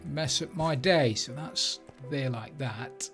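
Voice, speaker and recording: A man's voice: medium pitch, takes it slowly, a bit bright, soft background music. A man giving casual gameplay commentary, chatting and thinking aloud as he builds. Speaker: Minecraft let's play creator.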